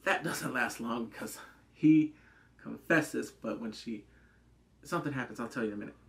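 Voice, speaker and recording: A man's voice: mid-range voice, moderate pace, gravelly. A man hosting his own channel, chatting casually through a drama review with lots of "like" fillers. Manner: animated, chatty, acts out scenes in put-on voices, many "like" fillers.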